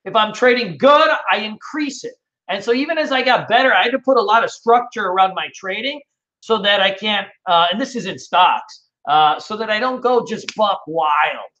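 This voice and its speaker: A man's voice: high voice, expressive, moderate pace, bright, forceful tone, highs cut off. A man hosting a casual trading webinar, answering viewer questions in a loose, rambling way with many fillers.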